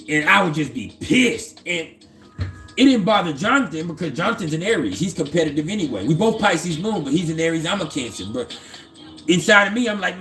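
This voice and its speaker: A man's voice: a little high, sing-song, fairly quick, sharp tone, faint music behind. A man hosting an astrology channel, casually telling a personal story in a profane, streetwise, conversational way.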